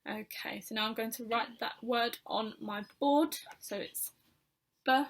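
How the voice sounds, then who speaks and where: A woman teaching a phonics lesson to young children, sounding out each letter slowly and clearly with patient encouragement. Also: on the high side. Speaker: primary school teacher.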